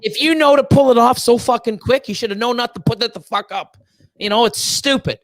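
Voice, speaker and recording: Man, high voice, live stream host, profane, animated storytelling, mimics others, frequent laughter, dry close sound. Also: fairly quick, dry recording. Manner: acts out quoted exchanges with voice changes; laughs often mid-sentence. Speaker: host of a reptile-keeping live show. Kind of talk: casual live-stream chat.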